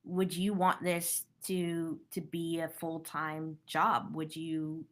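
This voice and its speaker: A woman in youth ministry chatting casually, unhurried, with frequent affirming laughs. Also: deep voice, completely flat delivery. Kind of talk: casual conversation.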